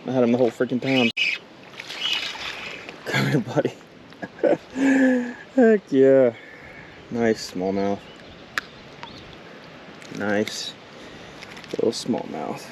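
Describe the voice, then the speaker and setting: An excitable man films himself fishing outdoors by a creek, chatting to the fish as he catches them. His voice sits at a middle pitch. The sound of running water and outdoor noise is clear behind him. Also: slow, long pauses. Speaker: fishing vlogger. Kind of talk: casual outdoor commentary.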